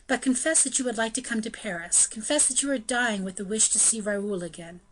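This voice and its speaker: A woman's voice: on the high side, slight background noise, close to an everyday voice, poor audio. A woman reading the part of a bold young noblewoman who teases and insists in an audiobook. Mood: coaxing. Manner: brisk, teasing, insistent.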